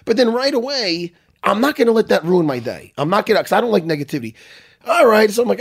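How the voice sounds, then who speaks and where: A middle-aged man with a husky, slightly rough voice tells a story in loose, profane casual chat. His pitch swings widely as he gets worked up. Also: very animated, fast.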